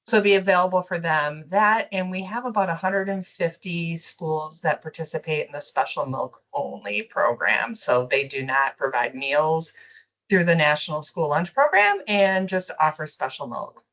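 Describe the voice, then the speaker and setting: A woman with a low voice presents school meal programs in an online meeting. She explains each program in a friendly, steady way, with an occasional filler. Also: moderate pace, rough recording. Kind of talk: webinar presentation.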